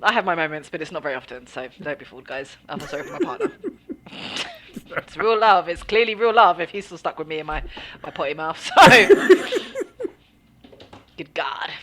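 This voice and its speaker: A woman with an English accent co-hosts a casual podcast, her voice bright and swinging widely in pitch. She laughs often and swears without apology as she chats. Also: sing-song, moderate pace, pauses often. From England. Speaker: podcast co-host.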